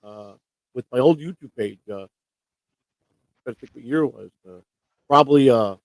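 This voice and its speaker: A man's voice: mid-range voice, normal speed, no room sound, rough recording. A man from Chicago co-hosting a casual live stream, rambling, repeating himself and trailing off. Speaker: co-host.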